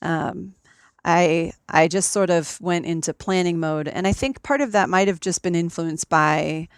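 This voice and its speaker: A woman talking in a relaxed conversation over a remote call, explaining things step by step with frequent ums. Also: on the low side, measured pace, clean tone, no room sound. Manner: methodical, explanatory, with many ums. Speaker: podcast guest. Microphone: remote call recording.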